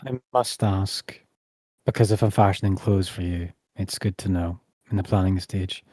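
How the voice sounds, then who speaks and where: A man voicing an aloof, fussy male tailor who talks in a formal, measured way. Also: deep voice, fairly even intonation, a little mellow, dry recording.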